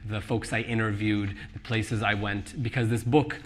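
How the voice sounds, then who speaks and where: Bright-voiced author, laughing at a live book talk. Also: male voice, fairly low pitch, normal speed, slight background noise. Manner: laughing, animated, many restarts. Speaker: author discussing his novel. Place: live event venue with audience.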